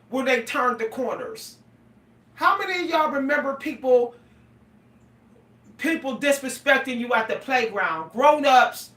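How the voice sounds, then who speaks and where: A woman's voice: high-pitched, pushed and bright. A middle-aged woman, talking casually and animatedly to her viewers, laughing and exclaiming often. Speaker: vlogger. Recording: echoey room, voice a bit far from the mic.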